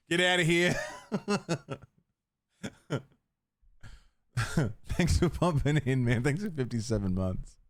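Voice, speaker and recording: A male livestreamer at a home setup talking in casual, rambling tangents and swearing freely. His voice sits at a middling male pitch. The recording is dry and close on a desk mic. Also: dry recording. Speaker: gaming livestreamer.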